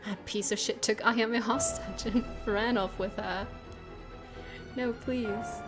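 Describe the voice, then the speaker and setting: A woman's voice: medium pitch, fairly even intonation, a little slow, over music. A woman streaming a game, chatting casually, laughing and swearing as she plays. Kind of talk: let's play commentary.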